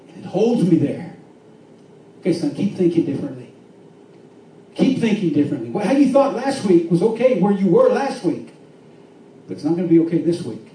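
A man preaching a sermon, swinging between fervent shouts and hushed, quiet stretches. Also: sits high, slight background noise. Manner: impassioned preaching with rising shouts and hushed drops. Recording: echoey room from far off with faint ambience.

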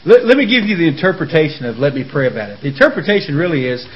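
Man, Christian talk host, rapid-fire storytelling, slightly high voice, dull lo-fi studio sound. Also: very animated. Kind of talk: lively preaching conversation.

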